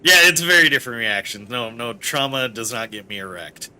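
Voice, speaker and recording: Male gaming streamer, live commentary, excitable and crude-joking, sharp, bright tone. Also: mid-range voice, a little fast, clean tone. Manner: excitable, swears freely, jokey.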